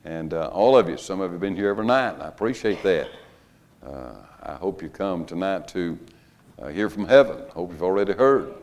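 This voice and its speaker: An older man preaching a revival sermon in a church, folksy and joking, rising to loud emphatic stretches. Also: deep voice, lively intonation, brisk. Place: church sanctuary.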